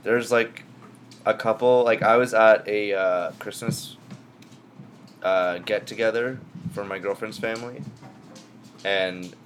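Low-voiced young man swearing in banter. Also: fairly even intonation, takes it slowly, pauses often, slight background noise. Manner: laughing, profane, offhand. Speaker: podcast co-host. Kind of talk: casual sports chat.

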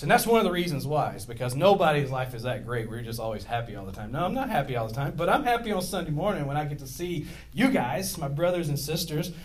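A middle-aged male pastor preaching to his church, chatty and prone to side stories and jokes at his own expense. His voice sits a bit high for a man. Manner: rambling, digressive, self-deprecating humor. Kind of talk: sermon. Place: church with a congregation.

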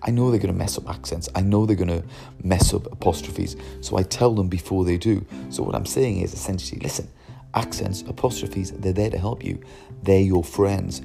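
A man's voice: sits low, a little fast, gravelly, over music. A man explaining his language teaching method to teachers, emphatic, asking and answering his own questions.

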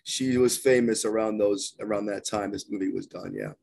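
A man's voice: on the low side, steady tone, moderate pace, gravelly, a little mellow, a little hiss or hum. A man co-hosting a podcast who agrees easily and muses aloud in casual chat.

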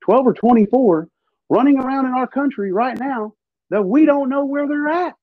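A man's voice: extremely high pitch, moderate pace, dry recording, phone-quality sound. A man hosting a podcast, talking in an emphatic, profane, ranting way. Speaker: podcast host. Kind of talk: casual political chat.

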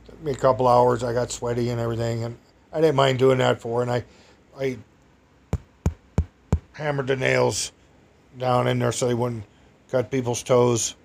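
A man's voice: medium pitch, flat delivery, moderate pace, gravelly, pauses often, slight background noise. A man telling a rambling personal anecdote to an audience, chatty and meandering, breaking into exclamations and chuckles. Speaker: storyteller.

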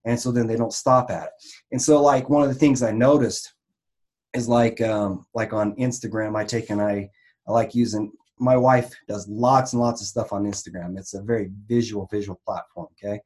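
A man's voice: lowish voice, fairly even intonation, normal speed, a little mellow. A man who works in online marketing for a raw vegan health business gives a casual, rambling teaching talk, full of restarts and fillers.

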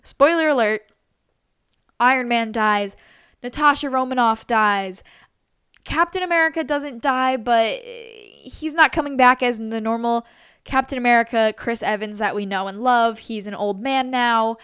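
A young woman in her early twenties talks in a casual, gushing ramble, her speech dotted with "like" and "literally". Her voice sits a little high and sounds smooth and clear. The sound is close and dry, with no room around it. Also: animated, a little slow, fairly bright tone, no room sound. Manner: chatty and gushing, lots of "like" and "literally". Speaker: vlogger. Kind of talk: casual chat.

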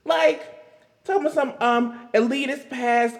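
A man doing casual pop-culture commentary, his high voice swinging widely as he gets exasperated and sarcastic. He breaks into laughter often. The recording has a long, roomy reverb. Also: lively intonation, unhurried. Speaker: commentary vlogger.

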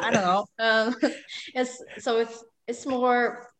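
A woman's voice: a little high, steady tone, slow pace, a crowd in the background. A young woman from Norway, chatting casually as a guest, hesitant, with many fillers and small laughs. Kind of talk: casual conversation.

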